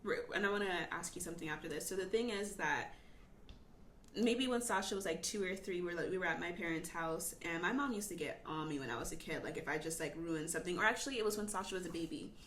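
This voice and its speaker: A young woman guest talks quickly and excitably in a casual chat, sometimes dropping to a whisper. The room is echoey, with a faint hiss behind her. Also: fairly low pitch. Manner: fast, excitable, whispers asides. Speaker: podcast guest.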